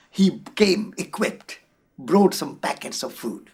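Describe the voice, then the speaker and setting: Animated, slightly husky Indian man storytelling. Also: a little high, slow. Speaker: interview guest. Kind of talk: reflective storytelling.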